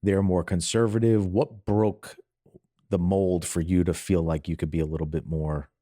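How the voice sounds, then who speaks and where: A man with a very low voice and a mellow, warm tone hosts a podcast conversation. He asks long, reflective questions and speaks steadily. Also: level tone, moderate pace. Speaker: podcast host. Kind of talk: conversational interview.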